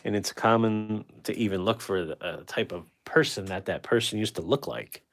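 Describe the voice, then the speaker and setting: A man's voice: on the low side, normal speed. A man hosting a painting livestream, chatting casually with viewers and musing self-critically about his work.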